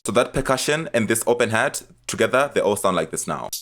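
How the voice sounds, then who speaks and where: A young man calmly walking through how he remade a beat, step by step, as a music producer. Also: on the low side, a little fast. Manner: relaxed step-by-step explaining, often trailing off before playing sounds. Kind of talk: screen-recorded music production tutorial. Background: music playing between lines.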